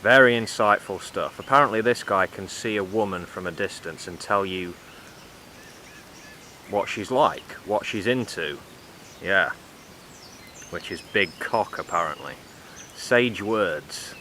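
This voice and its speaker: A man giving sarcastic, deadpan commentary in a vlog with dry, mocking asides. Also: low voice, a little slow, long pauses, a little hiss or hum. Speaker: vlogger.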